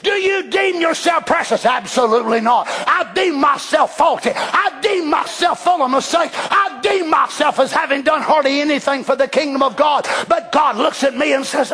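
An older man preaching a fervent sermon as pastor in a church, shouting at times and dropping to hushed tones. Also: very high voice, normal speed, hardly any pauses. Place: church sanctuary.

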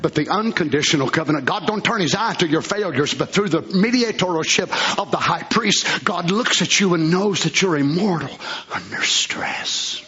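Preacher guy hollering a sermon, bright piercing voice, muffled old recording. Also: high voice, animated, normal speed. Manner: shouting, fervent, swings between loud cries and hushed asides. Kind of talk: fiery sermon.

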